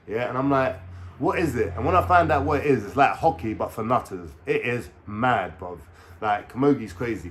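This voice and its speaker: A man in his thirties with a London accent tells a story straight to his viewers, slangy and full of swearing, checking in with them as he goes. His voice sits at an ordinary pitch for a man. It often sinks low and quiet, then jumps back up loud and animated. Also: slight background noise. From England. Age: 30s. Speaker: vlogger. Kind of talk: casual storytime monologue.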